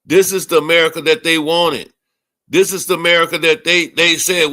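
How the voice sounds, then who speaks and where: A man's voice: fairly high pitch, little pitch movement, moderate pace, pushed and bright. A man hosting a livestream, ranting angrily with heavy profanity and repeated phrases. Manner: angry, profane, repetitive. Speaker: livestream host.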